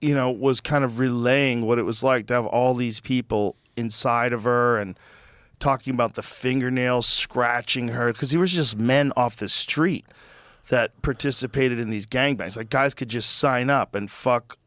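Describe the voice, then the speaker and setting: A man's voice: mid-range voice, normal speed, fairly bright tone, no echo. A man hosting a podcast in casual chat, musing bluntly with lots of "like" fillers. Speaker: podcast host.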